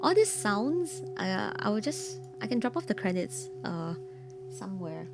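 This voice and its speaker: A woman streamer hosting a story night chats casually and reacts expressively to horror stories in a hoarse, croaky, medium-pitched, sing-song voice. She is quick to laugh and repeats her exclamations, with soft ambient music behind her.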